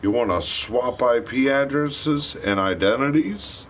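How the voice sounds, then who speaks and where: A man's voice: medium pitch, a little slow, slight background noise. A man on a livestream, ranting in an angry, profane and repetitive way. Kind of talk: rambling livestream rant.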